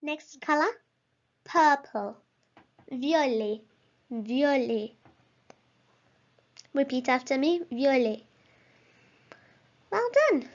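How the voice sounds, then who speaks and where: High-voiced woman teaching slow vocabulary drills. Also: animated. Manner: slow, encouraging, carefully pronounced. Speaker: language teacher. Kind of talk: vocabulary lesson with repeat-after-me drills. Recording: slightly dull lo-fi recording.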